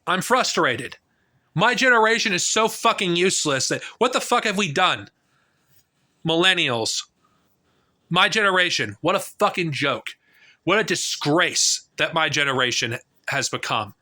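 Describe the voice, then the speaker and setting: High, lively angry male ranter. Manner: heated, profane, halting with frequent restarts. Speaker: political vlogger. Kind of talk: angry political rant to camera. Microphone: camera mic.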